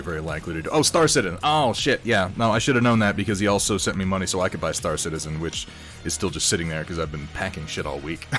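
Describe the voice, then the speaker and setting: Painting on a live stream, this man talks in a lowish, fairly bright voice, greeting viewers by reading their chat names aloud. His chatter is casual and rambling, full of self-mockery, and faint music sits in the background.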